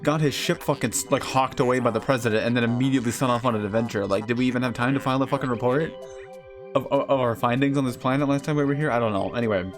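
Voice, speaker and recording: A man's voice: medium pitch, racing, music in the background. A man casually commentating on a game as he plays, joking, swearing and laughing often. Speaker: streamer.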